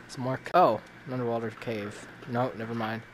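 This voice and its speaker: A man's voice: mid-range voice, level tone, fairly quick, a little hiss or hum. A man reacting while playing a VR game, jumpy and panicky and swearing constantly. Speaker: gamer.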